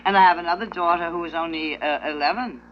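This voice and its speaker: A woman from New England answering radio interview questions in a crisp, wry, poised way, on a lo-fi 1960s recording with a clear hum. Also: lowish voice, quick pace. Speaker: actress guest.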